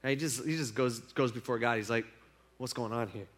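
A man's voice: medium pitch, brisk, a bit bright. A young man giving a casual sermon, retelling a story in a conversational way with lots of fillers. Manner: conversational, filler-heavy storytelling with acted quotes. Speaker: preacher.

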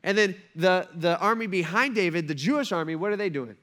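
Male pastor, high voice, chatty storytelling sermon delivery. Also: a little fast. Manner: animated, conversational storytelling with many fillers.

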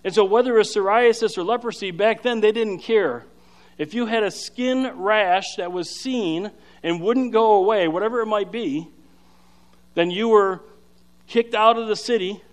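A man preaching a sermon, explaining scripture in an emphatic, energetic way with frequent fillers and restarts. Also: sits high, moderate pace. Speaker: pastor.

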